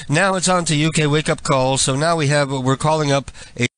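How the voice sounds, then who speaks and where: A man's voice: on the high side, no room sound. Playful prank-call host, man. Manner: playful, laughing asides. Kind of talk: prank call show banter.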